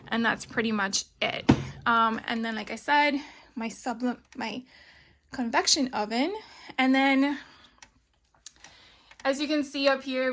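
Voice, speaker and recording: Bright-voiced woman giving a craft room tour. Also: high voice. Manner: chatty, frequent ums, light laughs. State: out of breath. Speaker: craft vlogger.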